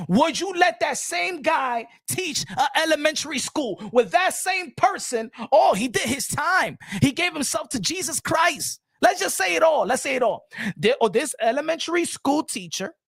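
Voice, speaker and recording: A man's voice: very high voice, vocal fry, fairly bright tone, no echo. Emphatic boxing commentator man, dry sound. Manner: emphatic, repetitive, asks the chat and answers himself. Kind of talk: animated solo commentary to viewers.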